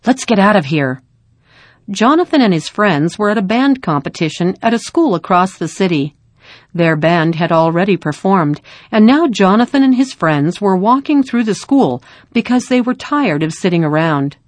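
A woman reading a story aloud in a calm, measured narration. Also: mid-range voice, no echo.

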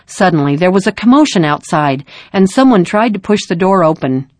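A woman reading a story aloud in a calm, measured narration. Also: fairly low pitch, dry recording, clean studio sound.

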